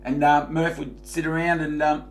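A man, co-hosting a podcast in animated, rambling casual banter. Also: on the high side, normal speed, echoey room, slight background noise. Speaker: podcast co-host.

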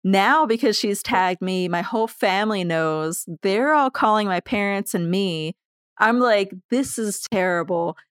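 A woman who is a podcast guest, telling personal stories candidly, animated and laughing between lines. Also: medium pitch, a little slow, clear, resonant tone, no room sound, studio quality. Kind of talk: candid conversational storytelling.

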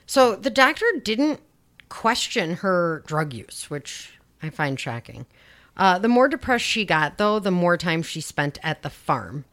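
In a lowish, slightly bright voice with a sing-song lilt, a podcast host tells a true-crime story a little slowly. Her casual, chatty telling includes sarcastic remarks and swearing.

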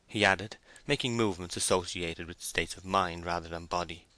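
A man reading a classic novel aloud in a measured, deliberate narration. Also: deep voice, pushed and bright, dry recording. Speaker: audiobook reader.

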